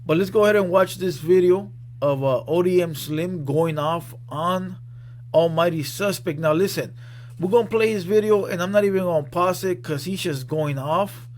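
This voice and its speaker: A man's voice: high-pitched, normal speed, darkish tone, slight background noise. A man hosting a reaction channel from a studio room, giving casual commentary in a blunt, profane, conversational way.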